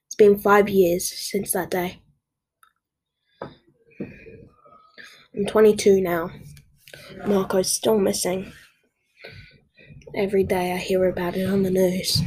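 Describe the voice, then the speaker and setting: Woman podcast host reading her own stories aloud, slow and breathy. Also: mid-range voice, little pitch movement, a little mellow.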